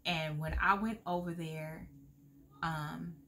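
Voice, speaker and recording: A woman's voice: slow pace, noisy background. A middle-aged woman vlogging to camera in a heartfelt, earnest way, at times close to tears. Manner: heartfelt, earnest, lively pitch swings. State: emotional, near tears at times. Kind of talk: casual talk to camera.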